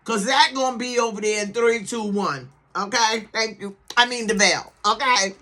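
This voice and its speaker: A woman's voice: a little high, normal speed, bright, forceful tone. Sassy woman reviewing a TV series. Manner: sassy, emphatic, keeps asking "okay?" for agreement; repeats words for emphasis. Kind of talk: casual commentary.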